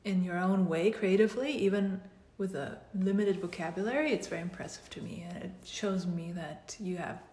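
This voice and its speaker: A woman's voice: fairly low pitch, moderate pace, few pauses, dark tone. A woman chatting casually in a language that is not her first, thoughtful and modest. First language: not English. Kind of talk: casual chat. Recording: roomy echo.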